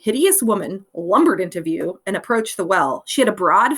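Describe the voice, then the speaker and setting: Expressive woman reading a novel aloud. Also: mid-range voice. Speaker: reader.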